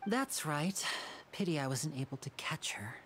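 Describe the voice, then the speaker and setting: A woman voicing a charming young male stage magician in a video game, smooth, teasing and gently persuasive. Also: sits low, lively intonation, normal speed, a little hiss or hum.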